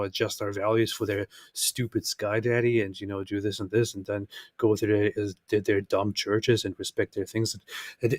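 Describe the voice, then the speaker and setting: A man's voice: fairly low pitch, no room sound, studio quality. A man co-hosting a casual reaction chat, thinking aloud and posing hypothetical questions. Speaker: co-host.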